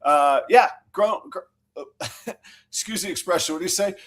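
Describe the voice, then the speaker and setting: A man's voice: high-pitched, moderate pace. A man co-hosting a casual podcast chat, telling stories with wry, dry humor. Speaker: podcast co-host.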